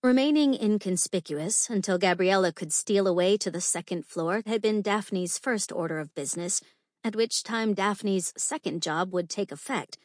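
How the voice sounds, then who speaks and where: A woman reading an audiobook in a measured, clear storytelling manner. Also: mid-range voice, no room sound, clean studio sound. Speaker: audiobook narrator. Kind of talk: scripted audiobook narration.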